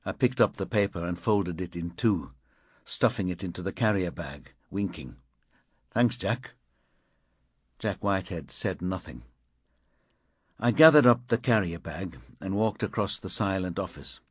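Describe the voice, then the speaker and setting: A man's voice: low voice, moderate pace, husky, no echo. A man narrating a crime novel in the first person, in clipped, fragmentary phrases. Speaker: audiobook narrator.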